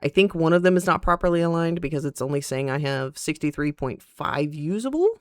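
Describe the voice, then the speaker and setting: A woman streamer chatting casually at her PC, telling a story in an animated way and acting out the other people's lines. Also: sits low, a little fast, no room sound, studio quality. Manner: animated, acts out quoted dialogue. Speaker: streamer and content creator.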